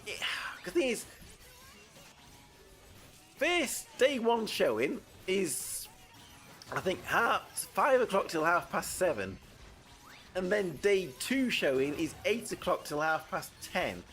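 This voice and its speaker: A man's voice: high-pitched, sing-song, takes it slowly, pauses often, a bit bright, soft background music. A man from the UK, chatting casually and rambling as he streams a game as a VTuber. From United Kingdom. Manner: rambling, chatty, with frequent restarts. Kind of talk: casual gameplay commentary.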